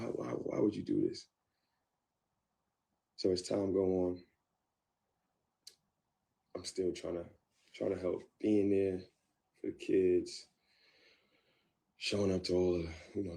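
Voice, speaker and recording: Talking frankly as an interview guest, a man recalls an earlier relationship in a relaxed, low register. His tone is dark and gravelly, and he speaks haltingly, backing up to restart and repeating his words.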